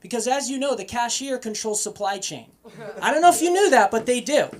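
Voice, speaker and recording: Lively, profane young stand-up comedian from Boston. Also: male voice, extremely high pitch, brisk. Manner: animated, profane, swings between loud punchlines and muttered asides. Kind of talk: open-mic stand-up set. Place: comedy club stage.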